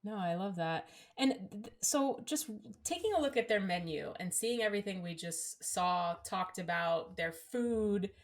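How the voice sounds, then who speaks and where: A woman's voice: mid-range voice, lively intonation, measured pace, few pauses. A woman co-hosting a podcast in casual chat, reading out reviews with plenty of fillers. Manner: reads out reviews, chatty with many fillers. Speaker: podcast co-host.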